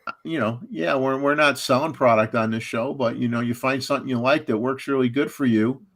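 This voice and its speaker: A man's voice: medium pitch, fairly even intonation, a little fast, vocal fry, a bit bright. Man, livestream host, casual chat, rambling, filler-heavy, chuckles, restarts.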